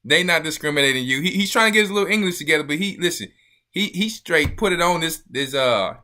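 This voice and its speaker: A man hosting an online show, giving casual, animated commentary on video clips with laughing, preacher-like asides. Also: sits high, fast.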